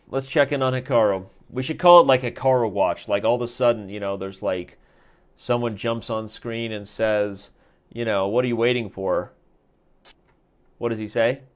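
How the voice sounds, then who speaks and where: A man hosting a live chess stream, commentating his games with playful, joking banter. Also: mid-range voice.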